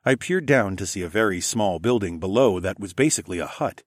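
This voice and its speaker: Man reading a first-person story, lowish voice, steady and matter-of-fact, dry close sound. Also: a little fast, dry recording. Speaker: narrator.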